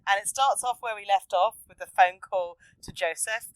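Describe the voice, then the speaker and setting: A woman hosting a podcast, chatting casually and acting out characters' lines with excitement. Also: normal speed, smooth, no echo, rough recording. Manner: animated, acts out characters' lines in a high excited voice. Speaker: podcast host. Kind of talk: casual podcast chat recapping an anime.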